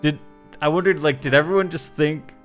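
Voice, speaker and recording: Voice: mid-range voice, brisk. A streamer making chatty, casual commentary with laughing asides during a live stream. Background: game music.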